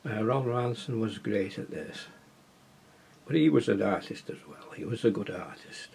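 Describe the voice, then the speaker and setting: A man's voice: lowish voice, lively intonation, normal speed, gravelly, darkish tone, slightly rough. A man with a Wigan accent, teaching watercolour painting in a casual, chatty way, often asking viewers questions and muttering to himself as he paints. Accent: Wigan, Lancashire. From Wigan, England.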